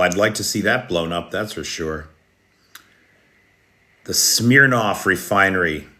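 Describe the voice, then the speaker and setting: Pushed and bright, the low-leaning voice belongs to a U.S. host of a live news broadcast online. He talks casually, responds to commenters by name, and frequently clears his throat.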